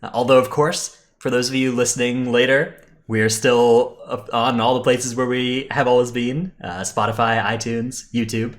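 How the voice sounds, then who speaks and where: A man's voice: mid-range voice, little pitch movement, moderate pace. A man co-hosting a live-streamed gaming podcast in casual chat, talking easily with many fillers and restarts. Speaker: podcast co-host.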